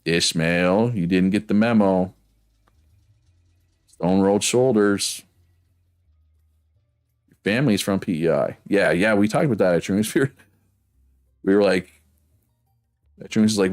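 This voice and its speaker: A man's voice: deep voice, moderate pace, long pauses. A man from Prince Edward Island with a local accent, chatting casually and rambling while streaming a game and reading chat. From Prince Edward Island, Canada.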